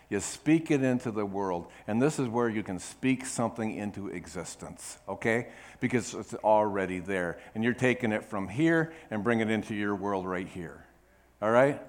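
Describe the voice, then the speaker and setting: A middle-aged pastor delivers his sermon with force, his somewhat high voice rising into declarations and dropping to quiet asides. He keeps drawing the congregation in, asking them to say it with him. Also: normal speed. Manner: emphatic preaching, swings from loud declarations to quiet asides; calls for congregation response.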